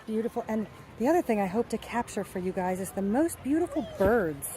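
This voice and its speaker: A woman's voice: mid-range voice, expressive, fairly quick, dark tone, slight background noise, poor audio. A woman from the United States, chatting cheerfully to viewers as she films a travel vlog outdoors. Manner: chatty, upbeat, speaks to viewers. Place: outdoors by the sea.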